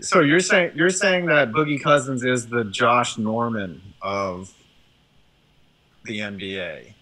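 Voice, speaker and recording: A man hosting a casual sports chat, talking in an animated, profane way and often tossing in "right?". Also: medium pitch, slow pace, rough recording. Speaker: show host.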